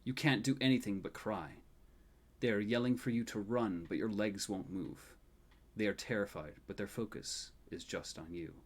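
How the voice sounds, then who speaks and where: Soft-spoken male game master narrating. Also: on the low side. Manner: soft, measured, dropping quiet at sad moments. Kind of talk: scripted tabletop narration.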